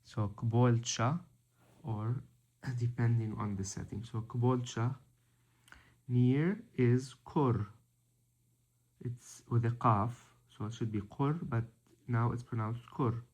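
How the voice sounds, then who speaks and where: A man giving a language lesson, reading out words slowly and deliberately one by one. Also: medium pitch, fairly even intonation, darkish tone. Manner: slow, deliberate, spells out word by word. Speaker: language teacher.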